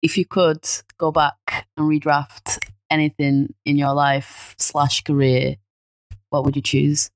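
A woman's voice: low voice, level tone, slow pace, a little hiss or hum. A woman co-hosting a podcast, asking questions in a friendly, casual way and laughing easily. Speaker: podcast co-host.

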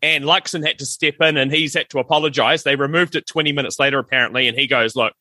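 NZ male co-host, very bright voice, dry close sound, chatty. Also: fairly high pitch, fairly even intonation, no echo. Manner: quick agreeing replies, chatty. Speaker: podcast co-host. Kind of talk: casual chat.

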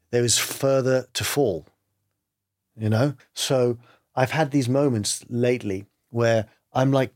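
A man's voice: on the low side, dry recording, clean studio sound. A man as an interview guest, speaking candidly and reflectively about hard times, with frequent laughs. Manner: reflective, earnest, laughs often.

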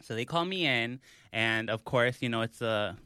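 A young man on a podcast, telling an animated story in casual chat, full of fillers. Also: mid-range voice, moderate pace, clean tone, dry recording, clean studio sound. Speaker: podcast host.

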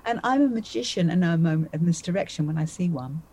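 A woman's voice: fairly low pitch, animated, quick pace, dark tone, slightly rough, poor audio. A woman in her fifties, a magician guest on a podcast, telling a personal story vividly and acting out her own thoughts as she goes. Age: 50s. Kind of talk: animated storytelling in a conversation.

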